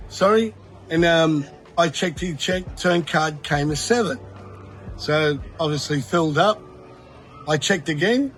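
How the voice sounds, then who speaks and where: A man telling a poker story, animated, laughing often as he goes. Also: high voice. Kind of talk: casual anecdote. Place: poker tournament venue.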